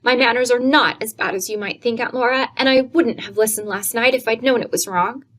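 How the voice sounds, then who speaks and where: A woman's voice: a little fast, a bit bright, natural voice. A woman doing an impassioned young girl. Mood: earnest. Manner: high, earnest, emotional pleading. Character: eager young girl, passionate and pleading.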